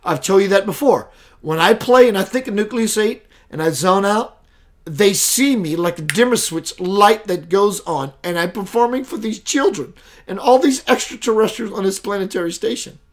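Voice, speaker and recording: A man's voice: high voice, animated, normal speed. A man hosting a spiritual show, earnestly telling of a spiritual experience in a reflective monologue. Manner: earnest, reflective, re-enacting dialogue. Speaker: host.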